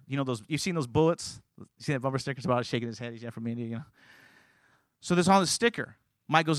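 A middle-aged man preaching a sermon, telling stories and moving from loud, emphatic lines to quiet, hushed ones. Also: mid-range voice, fast talker, dry recording.

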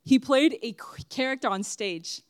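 Young woman preaching her testimony, kinda high voice, earnest and emphatic, dry close sound. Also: normal speed, dry recording. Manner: earnest and emphatic, addressing the congregation directly. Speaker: church speaker giving a testimony. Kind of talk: personal testimony sermon.

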